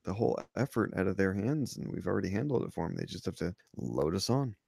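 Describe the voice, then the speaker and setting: A man's voice: low-pitched, big pitch swings, quick pace, vocal fry, darkish tone, breathy edge, no echo. A man co-hosting a casual podcast, laid-back and making dry quips. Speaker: podcast co-host.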